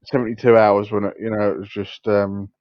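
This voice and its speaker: A man's voice: fairly low pitch, monotone, fairly quick, dull audio. A man co-hosting a casual podcast, laughing along and giving short agreeing replies. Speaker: podcast co-host. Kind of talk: casual chat.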